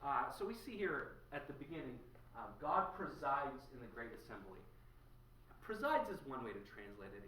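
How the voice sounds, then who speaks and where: A man giving an informal university lecture in an animated way, often acting out the quotes he talks about. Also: mid-range voice. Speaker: guest speaker. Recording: echoey room, distant mic, faint hiss.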